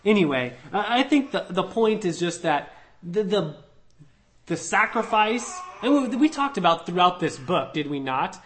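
A man's voice: sits high, sing-song, normal speed, a bit bright, a little hiss or hum. A man co-hosting a conversational Bible study discussion, thinking aloud with frequent ums and restarts as he works through a passage.

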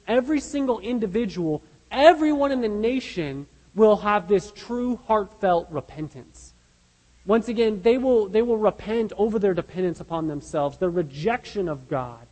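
A man's voice: high-pitched, darkish tone, in a large hall, poor audio. A man preaching a sermon as pastor, earnest and emphatic, asking his listeners rhetorical questions.

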